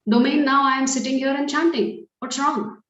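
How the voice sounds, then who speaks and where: Woman doing an indignant sage, raised rebuking voice, high pitch, echoey room. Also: moderate pace, a bit bright, muffled recording. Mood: defiant. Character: indignant male sage defending his claim.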